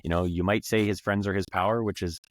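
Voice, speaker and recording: A man's voice: sits low, fairly even intonation, quick pace, a little hiss or hum. A man co-hosting a podcast, chatting casually and rambling with many fillers. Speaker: podcast co-host. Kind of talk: casual chat.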